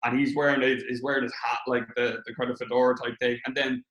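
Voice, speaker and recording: An Irish man, a comedian, telling stories in a casual podcast chat, animated and swearing freely. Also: mid-range voice, fast, dull audio. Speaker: comedian guest. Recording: roomy echo.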